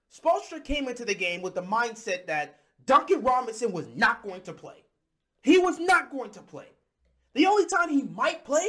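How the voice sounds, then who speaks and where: Furious high-voiced man ranting about basketball. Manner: heated, exasperated, shouting bursts. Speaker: sports commentator. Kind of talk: angry fan rant.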